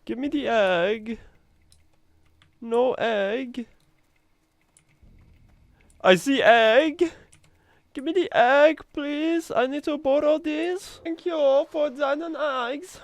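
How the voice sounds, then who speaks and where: A man's voice: very high-pitched, drawn-out words, long pauses, no echo, studio quality, pitched above the performer's own voice, full character voice. A man voicing a silly, polite German cook who begs for eggs in a put-on German accent. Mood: pleading polite. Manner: exaggerated, pleading, polite.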